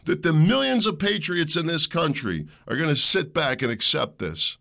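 A middle-aged man, hosting a solo show and ranting in a heated, combative way that climbs into shouts. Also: on the high side, very animated, moderate pace, creaky. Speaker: podcast host. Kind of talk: opinionated solo monologue.

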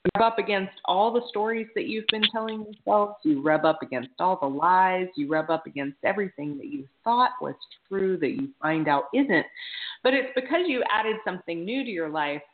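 A woman's voice: mid-range voice, expressive, moderate pace. Woman podcast co-host chatting loosely and correcting herself mid-thought, on a thin phone-quality line. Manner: rambling, self-correcting, thinks aloud. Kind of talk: casual chat. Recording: tinny phone-like sound.

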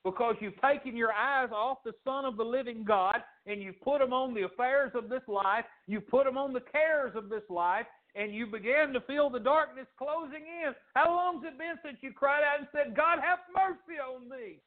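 A man with a high voice preaches a sermon, rising and falling sharply as he acts out the people in his story. The sound is thin and tinny, as if heard down a phone line. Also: moderate pace, hardly any pauses. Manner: preaching with dramatic pitch swings, acting out quoted voices. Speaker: pastor.

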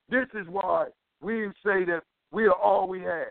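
High-voiced guy preaching politics hard, sounds like a phone call, dry. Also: unhurried, creaky, no room sound. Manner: preachy, emphatic, repeats phrases. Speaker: political organizer. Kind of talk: impassioned political talk. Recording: tinny phone line, dry.

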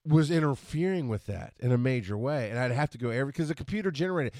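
A man hosting a solo podcast, ranting with frustration and profanity, rushing his words and then reining himself in. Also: mid-range voice, expressive, darkish tone, dry recording, studio quality. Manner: frustrated, profane, talks fast then slows down. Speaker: podcast host.

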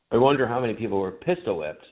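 A man co-hosting a podcast, telling an old story in casual chat, laughing often and swearing. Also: lowish voice. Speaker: podcast co-host. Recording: phone-like audio with faint noise.

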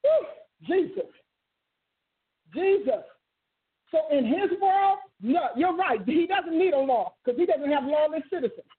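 A woman's voice: high-pitched, expressive, normal speed, hardly any pauses. A woman preaching a sermon with passion, repeating and rephrasing her words and breaking into sudden exclamations. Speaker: preacher and teacher. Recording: tinny phone-like sound.

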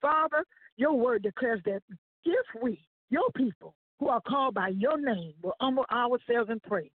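A gospel radio host, a woman, prays with a fervent preacher's cadence and stretched-out phrases. Her voice is husky and close, with no room around it. It all comes through a thin, phone-like line. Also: fairly high pitch, expressive, normal speed, no room sound. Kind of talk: spoken prayer on air. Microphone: phone call-in.

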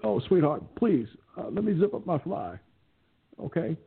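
A man doing a raspy flirty politician. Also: a little high, very animated, moderate pace, pitched above the performer's own voice, heavily acted. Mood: flirtatious. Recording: phone-like lo-fi line.

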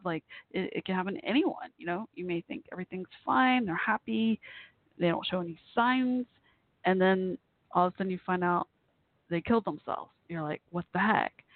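A woman hosting a call-in talk show, speaking haltingly through tears with many fillers and restarts. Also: lowish voice, dry recording. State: near tears. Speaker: host. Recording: tinny phone-line audio.

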